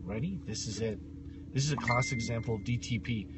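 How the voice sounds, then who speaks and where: A man co-hosting a casual podcast chat, teasing his friend loudly and acting out voices. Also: mid-range voice, fast talker, over music. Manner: teasing, loud and animated, acts out quoted voices. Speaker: podcast co-host.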